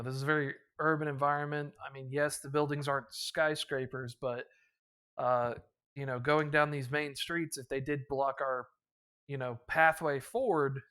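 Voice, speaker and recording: A man's voice: medium pitch, fairly bright tone. A man running a tabletop military campaign as game master, narrating with lots of filler words and briefly voicing the officers.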